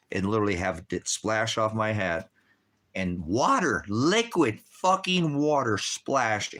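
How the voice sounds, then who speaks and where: A man with a somewhat low voice talks to his viewers in a loose, casual livestream. He rambles and repeats himself, swears freely and leans hard on his points. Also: fairly bright tone. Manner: rambling, profane and emphatic. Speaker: ministry leader.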